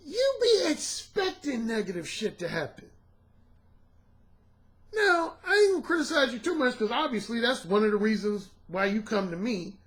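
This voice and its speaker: A man's voice: extremely high pitch, big pitch swings, measured pace, pauses often, fairly bright tone. A man working as a dating coach, talking casually and straight to his audience in a slangy, profane, emphatic way. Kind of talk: casual monologue to camera.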